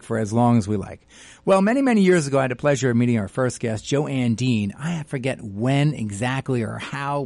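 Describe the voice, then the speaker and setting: Man, radio talk show host, chatty, jokey, middle pitch, dry studio sound. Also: no room sound. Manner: chatty, jokey, animated asides.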